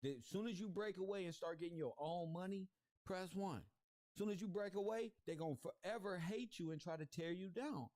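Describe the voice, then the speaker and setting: Confrontational livestream host, a man, slangy and repetitive, slightly high voice, dry close sound. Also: brisk, darkish tone, no room sound. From South Central Los Angeles. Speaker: YouTube commentary host. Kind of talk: livestream commentary rant.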